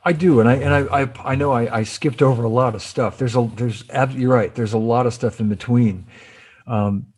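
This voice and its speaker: A man's voice: medium pitch, steady tone, moderate pace, a little mellow, breathy edge. A middle-aged man being interviewed as a guest, telling long stories with many restarts and asides. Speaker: interview guest, former cymbal company artist relations. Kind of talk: casual interview storytelling.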